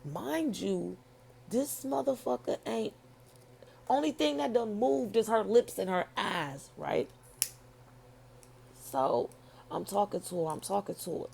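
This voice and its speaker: A middle-aged woman telling a dream story in a blunt, profane, animated way. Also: medium pitch, takes it slowly, creaky, long pauses, a little hiss or hum. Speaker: vlogger telling her dream. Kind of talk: casual storytelling.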